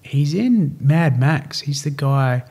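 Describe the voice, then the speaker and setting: A man's voice: on the high side, slow pace, gravelly, slightly rough. A man in his thirties from Australia, a podcast guest telling stories in casual, slangy Australian speech and acting out what others said. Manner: animated, slangy, acts out quoted dialogue. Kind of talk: casual storytelling.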